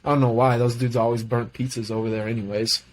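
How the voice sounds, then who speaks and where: Casual male co-host, mid-pitched, rambly sports banter. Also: little pitch movement, fast. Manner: rambling, loose, many fillers and laughs. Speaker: podcast co-host.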